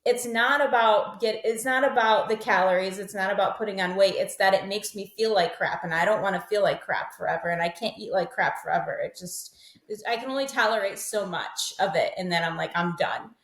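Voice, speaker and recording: A woman's voice: medium pitch, brisk, a bit bright, reverberant. A woman co-hosting a podcast in casual chat, thoughtful and agreeable, trailing off as she talks. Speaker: podcast co-host.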